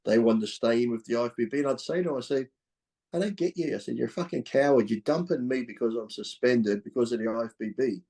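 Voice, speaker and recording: A man's voice: mid-range voice, fast, hardly any pauses, warm tone. A middle-aged Australian man telling stories as a podcast guest, in a blunt, fired-up way with swearing and laughs between points. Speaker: podcast guest, former pro bodybuilder. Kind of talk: candid storytelling in conversation.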